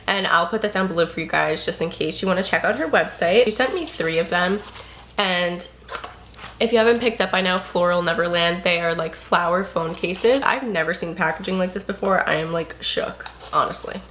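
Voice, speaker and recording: A young adult woman vlogging an unboxing, gushing and excitable, full of "like" and "you guys". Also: fairly low pitch, normal speed, slight background noise. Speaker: beauty and lifestyle vlogger. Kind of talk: casual unboxing vlog.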